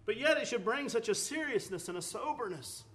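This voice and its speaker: A man's voice: very high-pitched, expressive, fairly quick, a bit bright. A man preaching a sermon, earnest, with rising emphatic bursts, often repeating words and restarting phrases.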